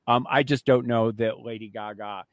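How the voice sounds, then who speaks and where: A man co-hosting a casual pop-culture chat, sassy and gossipy, and quick to laugh. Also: medium pitch, steady tone, dry recording, clean studio sound. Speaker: podcast co-host.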